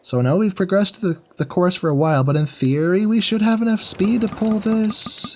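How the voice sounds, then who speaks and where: A man's voice: high-pitched, normal speed, few pauses, darkish tone, a little hiss or hum. A man giving casual gameplay commentary, thinking aloud as he works out his build. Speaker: gaming video creator.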